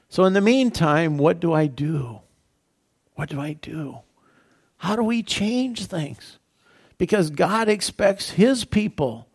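A man's voice: a little high, creaky, a little mellow, slightly rough. A middle-aged male pastor preaching a sermon in a conversational way, full of "you know" fillers, and turning urgent with emphatic repetition.

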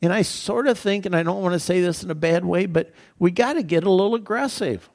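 A man's voice: high-pitched, brisk, a little mellow. A middle-aged male pastor preaching a sermon in a conversational way, full of "you know" fillers, and turning urgent with emphatic repetition.

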